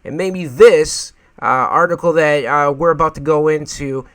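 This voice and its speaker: Hesitant man with a slightly high voice. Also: steady tone, fairly bright tone, clean tone. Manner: hesitant, fills pauses with many "uh"s. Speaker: gaming channel host. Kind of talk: casual commentary, reading an article aloud.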